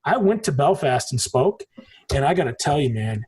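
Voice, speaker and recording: A man's voice: mid-range voice, sing-song, normal speed, darkish tone, slightly rough. A man in his forties from the United States, a podcast guest telling stories in a rambling, emphatic way and swearing freely. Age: 40s. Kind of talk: casual conversation.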